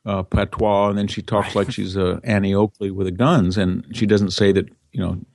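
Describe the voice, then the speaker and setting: Low-voiced man giving political commentary. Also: little pitch movement, moderate pace, darkish tone, no room sound, clean studio sound. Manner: conversational, with restarts and quoted asides. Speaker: interview guest, commentator.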